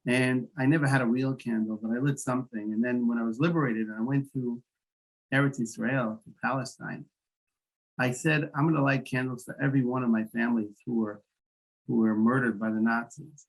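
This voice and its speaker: Gravelly male interview guest; halting storyteller who restarts often, mid-range pitch. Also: steady tone, poor audio. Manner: halting, with many restarts and repeated words. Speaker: guest, founder of an emergency medical volunteer group.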